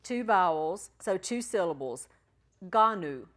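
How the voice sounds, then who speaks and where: A woman teaching a church class, patiently spelling out letters and sounding out syllables slowly. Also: medium pitch. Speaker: Bible Greek teacher.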